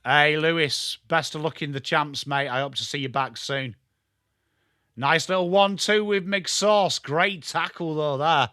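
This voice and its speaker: A man with a strong Yorkshire accent giving live football watchalong commentary, excitable and sweary, chatting to viewers by name. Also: a little high, measured pace, no room sound, studio quality. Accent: Yorkshire English. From Yorkshire, England. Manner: excitable, sweary banter addressed to chat viewers. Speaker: watchalong streamer.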